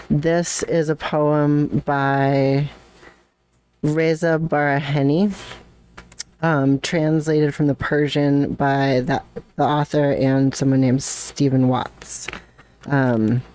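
A podcast host introducing a poem with some hesitation, then reading it aloud in a slow, even, measured way. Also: medium pitch, smooth. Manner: hesitant filler-laden introduction. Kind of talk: poetry reading.

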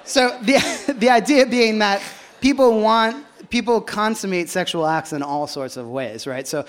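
A man chatting as a guest on a live podcast stage, animated and laughing, telling stories with quick restarts. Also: high-pitched. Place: stage before a live audience.

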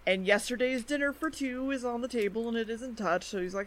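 A woman co-hosting a podcast, casually recapping anime episodes in a chatty way, full of "like" and "um" and quick quoted asides. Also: a little high, a little hiss or hum. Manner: chatty, quoting characters in quick asides, lots of "like" and "um". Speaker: podcast co-host.

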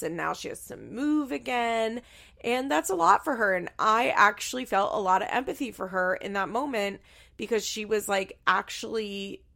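A young woman casually recapping a reality show, gossipy and quick to laugh, acting out what people said. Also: medium pitch, creaky, fairly bright tone. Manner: gossipy, acts out quotes with laughs. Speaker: recap commentator.

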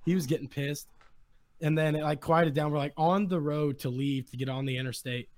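A young man hosting a podcast, excitedly retelling a story in casual chat. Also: a little high, fairly quick. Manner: excited, animated retelling with quoted voices. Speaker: podcast host.

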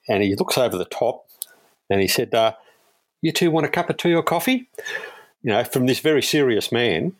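Husky-voiced Australian man telling stories. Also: lowish voice, no room sound. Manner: laid-back anecdotal, chuckles while telling stories. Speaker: guest, police air rescue crewman. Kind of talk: casual storytelling interview.

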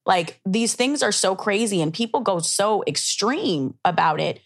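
A woman's voice: medium pitch, animated, measured pace. A woman hosting a podcast, talking passionately and emphatically in a heartfelt casual conversation. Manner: passionate, emphatic, tearful at times. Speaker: podcast host.

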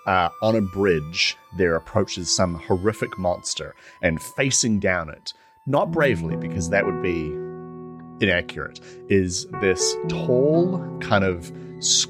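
A fairly low-voiced man describing his game character in a loose, rambling way, full of fillers and restarts. Music plays clearly underneath. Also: lively intonation, takes it slowly. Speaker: player.

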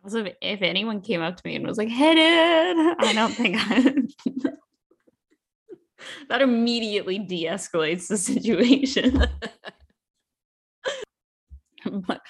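A woman's voice: mid-range voice, a little slow, pauses often, breathy edge. A young woman co-hosting a podcast, chatting casually and rambling, with "like" in most sentences. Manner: rambling, leans heavily on "like". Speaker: podcast co-host. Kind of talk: casual chat.

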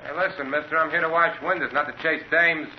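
An actor playing a gruff, blunt, working-class window washer in a 1940s radio drama, talking in brusque street slang. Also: male voice, fairly high pitch, fairly even intonation, fast, natural voice. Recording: old radio broadcast, dull with faint hiss.

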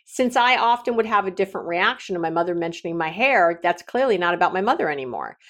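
A woman's voice: lowish voice, fast talker. A middle-aged woman, a coach, giving podcast advice and telling stories with acted-out dialogue. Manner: animated storytelling, acts out quoted dialogue. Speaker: relationship coach and consultant.

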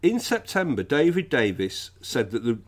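A man's voice: mid-range voice, very animated, normal speed. Jokey rambling man. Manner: chatty, jokey, rambling with restarts. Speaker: podcast host. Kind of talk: casual political chat.

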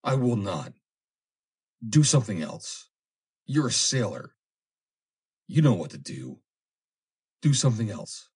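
A man's voice: big pitch swings, slow pace, long pauses, darkish tone, slightly rough, exaggerated voice. A man voicing a cowardly, panicking sailor who shrieks and pleads for his life in a storybook reading. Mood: shrill, desperate. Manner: shrill and pleading. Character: cowardly panicking heavyset man trapped in a sinking submarine.

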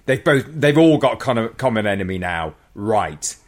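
A man in casual chat about a film, animated and playful, often adding tag questions. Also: lowish voice, a little slow. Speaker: podcast co-host.

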